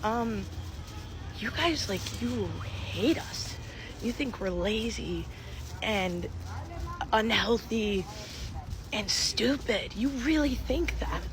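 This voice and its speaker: Brief: woman, slow wounded venting, noisy clip recording. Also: on the high side, lively intonation. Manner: hurt, venting, drawn-out delivery. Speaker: online creator. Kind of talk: emotional confessional vlog.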